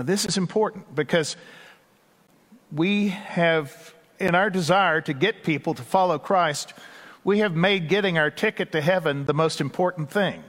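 A man's voice: on the high side, fairly bright tone. A man with a Texas accent preaching a sermon in a folksy, conversational way with asides. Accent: Texan. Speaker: pastor. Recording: long hall reverb.

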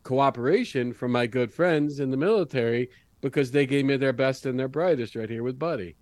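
Rich: A tough FBI agent who makes blunt threats and won't be pushed around, as a man plays him at a tabletop game. His voice is mid-pitched and sounds dry and close to the mic, with no room around it. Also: fairly quick, a little mellow, no echo, lightly acted. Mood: firm. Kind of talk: in-character role-play.

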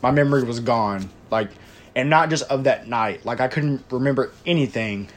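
Young man, casual storyteller, slangy and profane, rambling delivery, mid-pitched voice. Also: normal speed. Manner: slangy, profane, says "bro" constantly; rambling with filler and restarts.

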